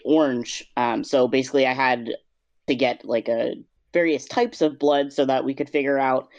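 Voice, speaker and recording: A man's voice: medium pitch, moderate pace, no echo, highs cut off. A man, a makeup artist and vet tech, telling a story at an easy pace in a casual interview, with many "um"s. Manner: relaxed storytelling with "um"s.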